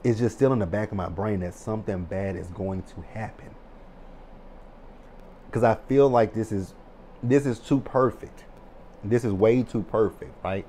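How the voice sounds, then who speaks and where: Guy in his 30s doing a show recap vlog, lowish voice, gets loud and hyped, cusses a lot. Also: slight background noise. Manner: animated, excitable, swears freely. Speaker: TV recap vlogger. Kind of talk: casual episode recap.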